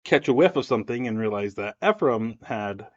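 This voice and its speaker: A man tells a family story in a relaxed, chatty way. His pitch swoops and jumps as he acts out the people in the story. The audio is dull and lo-fi. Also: normal speed. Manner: animated, acts out voices in his anecdotes. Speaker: podcast guest telling a family story. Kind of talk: casual storytelling.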